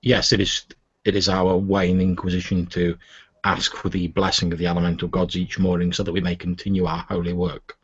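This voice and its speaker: A man voicing a stern, fanatical male inquisitor priest in a flat monotone, low and husky. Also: fairly quick, no room sound. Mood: cold, solemn. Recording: muffled lo-fi recording.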